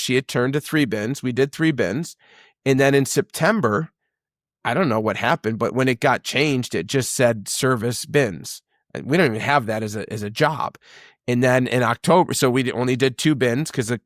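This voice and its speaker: Business owner, male, mid-pitched, casual storyteller who quotes people, dry sound. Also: dry recording. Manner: rambling storyteller, many fillers, acts out quotes. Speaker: business owner, podcast guest. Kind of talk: casual conversation.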